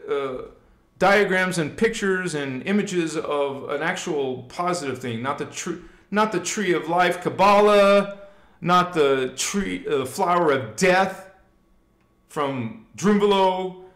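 A man's voice: high-pitched, slow pace, a bit bright, roomy sound. A man hosting a live spiritual stream. He talks in a casual, slangy way and leads his listeners through chants and affirmations. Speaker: spiritual livestream host.

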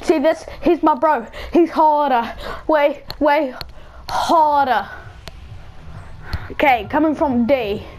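A woman giving rambling, excitable live commentary over her own gameplay, bursting into shouts now and then. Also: high voice, slow pace, long pauses, slight background noise. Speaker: gaming channel host.

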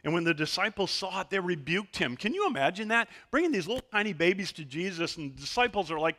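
A man's voice: sits high, animated, quick pace, few pauses, sharp tone. A middle-aged man preaching a sermon as a pastor, telling stories with animation and acting out the voices he quotes. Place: church sanctuary.

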